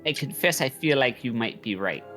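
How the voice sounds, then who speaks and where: A man voicing his character in a tabletop game, speaking softly and warmly to his daughter. His pitch sits mid-range. Faint music plays behind. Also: expressive, moderate pace. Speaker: player.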